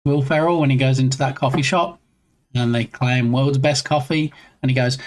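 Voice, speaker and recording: A man's voice: mid-range voice, steady tone, moderate pace. A man streaming his game development live, chatting casually with his audience and reading chat in a rambling, joking, playful way into his desk mic. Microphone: own desk mic.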